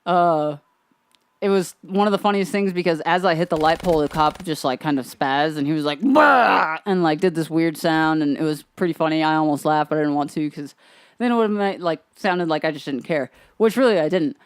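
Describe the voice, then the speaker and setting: Young man, casual rambling storyteller, smooth tone, dry close sound. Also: a little high, fairly even intonation, a little fast, no echo. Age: young adult. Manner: rambling, chatty, quotes others with "he was like". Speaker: gaming channel host.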